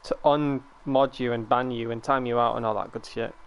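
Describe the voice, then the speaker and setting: Smooth-voiced joking male streamer. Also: medium pitch, fairly even intonation, moderate pace, dull audio, soft background music. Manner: joking, swears freely, repeats words when thinking. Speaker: live streamer. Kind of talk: casual stream chat with viewers.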